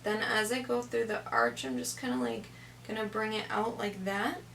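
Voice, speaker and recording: A woman's voice: a little high, steady tone, moderate pace, creaky, a bit bright, a little hiss or hum. A young woman casually narrating a makeup tutorial step by step, chatty with lots of "kinda, like".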